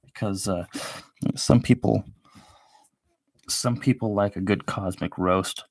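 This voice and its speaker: Low dry-voiced guy rambling on his live show, lots of restarts, sardonic. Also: steady tone, slow, a little mellow, no room sound. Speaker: show host. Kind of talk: rambling live-stream commentary while drawing.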